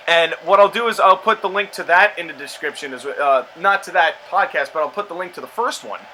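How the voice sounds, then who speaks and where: A man with a high voice calls a video game match in a loose, rambling way. His tone is bright and tense, full of sarcastic asides and exasperated complaints. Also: slight background noise, rough recording. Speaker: commentator and show host. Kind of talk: casual play-by-play commentary over a video game match.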